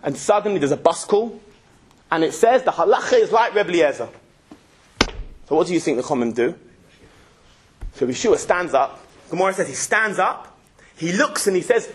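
A man teaching a Talmud class in a synagogue, telling the story in a joking, lively way. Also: sits high, moderate pace, long pauses, breathy edge. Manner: jokey, lively storytelling with Yiddish-Hebrew terms. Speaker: Torah teacher.

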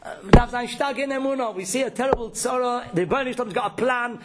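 A man's voice: very high-pitched, fast, background noise. A man giving an informal religious talk, emphatic and storytelling, often repeating words as he restarts.

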